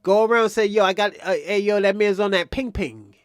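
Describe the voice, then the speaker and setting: A man's voice: sits high, a little fast, clear, resonant tone, no echo, studio quality. A man hosting a livestream in casual talk, rambling and profane, repeating himself and needling viewers by nickname. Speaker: livestream host. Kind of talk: casual livestream commentary addressing chat.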